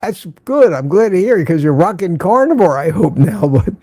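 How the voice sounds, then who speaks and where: A man's voice: fairly high pitch, animated, brisk, dark tone, dry recording, clean studio sound. An older man hosting a casual morning livestream, greeting viewers by name and reading the chat aloud. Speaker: livestream host.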